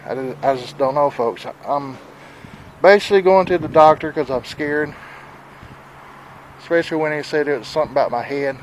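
A breathless, stuffy-nosed man in his forties vlogs outdoors into a handheld camera, his voice sitting a little high for a man. He rambles in a plain-spoken, worried way, with faint noise around him. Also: moderate pace, pauses often, poor audio. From Southern United States. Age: 40s. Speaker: vlogger. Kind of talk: casual confessional vlog. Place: outdoors in wind.

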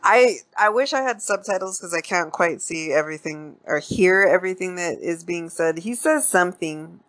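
A woman hosting a podcast, recapping an old film in animated, slangy, profane storytelling. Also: lowish voice, moderate pace, no room sound. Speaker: podcast host. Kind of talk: casual movie recap.

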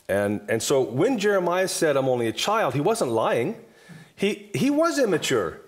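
A man's voice: a little high, sing-song, normal speed. Emphatic preacher man in his fifties. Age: 50s. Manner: emphatic, repetitive sermon cadence. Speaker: guest minister and prophet. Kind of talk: preaching-style table talk.

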